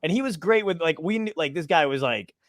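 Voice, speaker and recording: A man's voice: fairly high pitch, animated, fairly quick, no room sound, studio quality. A man hosting a casual comedy podcast, laughing often as he tells rambling, profane stories. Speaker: podcast host.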